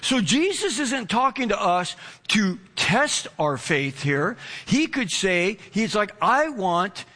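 Male pastor, very high bright voice, animated storytelling sermon. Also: slow. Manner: animated storyteller, acts out quotes.

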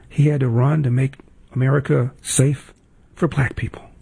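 A man with a gravelly, husky voice hosts a talk show, delivering sarcastic political commentary with mounting indignation. He leans on emphatic repetition and also reads ads in the same voice. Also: medium pitch, fairly even intonation, normal speed, warm tone. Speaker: radio talk host.

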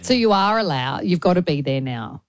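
A woman co-hosting a radio comedy segment, dry and wry. Her voice sits low, recorded close and dry. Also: animated, moderate pace, no echo. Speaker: radio host.

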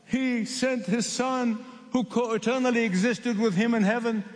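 High-voiced male preacher in an echoing hall. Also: fairly even intonation. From Middle East. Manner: emphatic, repeats key phrases, slow dramatic pauses. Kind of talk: sermon. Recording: long reverb of a large hall.

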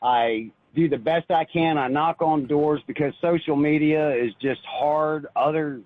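Caller: a husky, fairly high-voiced man on a narrow, tinny phone line, earnest and rambling, dry sound. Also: a little slow, dry recording. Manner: earnest, rambling, repeats words when stirred. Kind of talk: emotional call-in storytelling.

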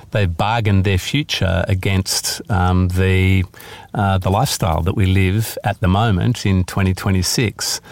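A deep-voiced man reading his novel. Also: no echo. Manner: measured, hesitant in chat with many ums. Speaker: author reading his book. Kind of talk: reading aloud then interview answers.

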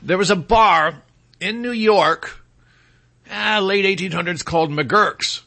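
A man's voice: high-pitched, takes it slowly, sharp tone. A man hosting a talk radio show, delivering an opinionated monologue in a sarcastic tone and mocking people with put-on voices.

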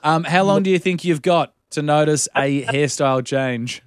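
A man's voice: on the high side, normal speed, clear, resonant tone, no room sound. A man co-hosting a radio show, joking with his colleagues and taking callers in a playful, incredulous way. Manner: playful, incredulous, takes calls. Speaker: radio co-host. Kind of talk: casual banter on drive-time radio. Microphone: studio microphone.

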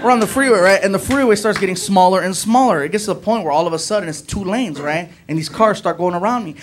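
Man, stand-up comedian, high voice, animated storytelling, noisy live recording. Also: quick pace.

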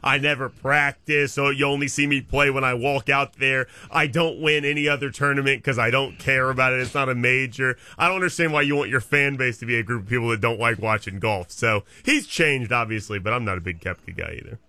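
Male radio co-host, very bright forceful tone, skeptical and dismissive, dry sound. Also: mid-range voice, fairly quick, hardly any pauses, dry recording. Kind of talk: casual talk radio.

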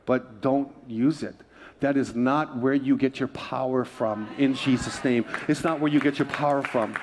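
A man, a pastor, preaching a sermon in a church, conversational and animated, telling a story with asides and laughs. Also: mid-range voice, normal speed, a little hiss or hum. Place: church sanctuary.

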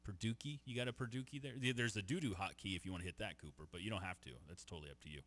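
A man's voice: fairly low pitch, racing, a bit bright. A man hosting a sports radio show, bantering playfully with his co-hosts and reading promos. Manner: playful, teasing, reads phone number and promos.

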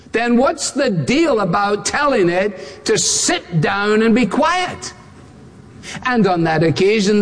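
A man's voice: high-pitched, in a large hall. A male pastor preaching a sermon emphatically, building his points through repeated phrases.

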